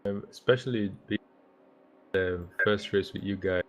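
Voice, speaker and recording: A man with a very deep voice speaks in a relaxed, halting way, full of ums and restarts. He sounds easygoing and grateful, and music plays clearly behind him. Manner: relaxed, appreciative, hesitant with fillers. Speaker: new league member. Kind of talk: casual voice chat.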